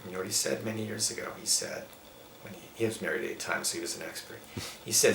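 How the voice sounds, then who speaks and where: A middle-aged man talks in an emphatic, preaching way as a yoga teacher being interviewed, building his ideas point by point. His voice is fairly low but bright and forceful. The room rings with echo, and a faint hiss sits under the recording. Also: fast, gravelly. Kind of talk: spiritual interview talk. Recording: echoey room with faint background noise.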